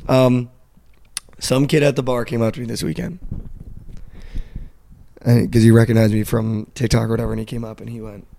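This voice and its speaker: A young man co-hosting a casual sports betting talk, animated as he tells a story and mimics a stranger in a flat voice. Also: medium pitch, a little fast, gravelly, long pauses. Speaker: podcast co-host.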